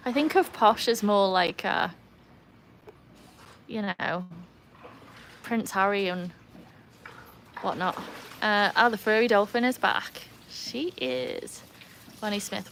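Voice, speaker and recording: A British woman hosting a casual livestream by the pool, chatting, rambling and reading out viewer comments. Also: a little hiss or hum. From Britain. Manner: chatty, rambling, self-mocking, talks to her dogs in a high excited voice. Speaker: livestream host. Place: outdoors by a pool with dogs.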